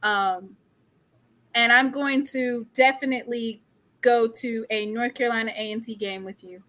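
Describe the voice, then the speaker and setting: Bright-voiced woman hosting a live stream. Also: on the high side, fairly even intonation, unhurried. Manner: chatty, addresses the live chat directly. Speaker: show host. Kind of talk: casual live-stream chat.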